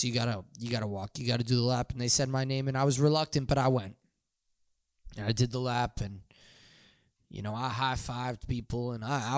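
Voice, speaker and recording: A young man hosting a podcast, telling a long rambling story full of "you know" and sudden loud drawn-out yells. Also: mid-range voice, smooth, no room sound, studio quality. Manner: loose, meandering, swings into loud drawn-out yelled bits. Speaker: podcast host.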